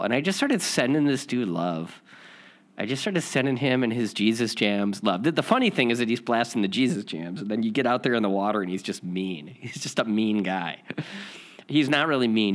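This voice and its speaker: A man with a fairly low voice talks casually, rambling and circling back as he tells a personal story. He restarts sentences often and repeats words. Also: animated, normal speed. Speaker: spiritual lesson host.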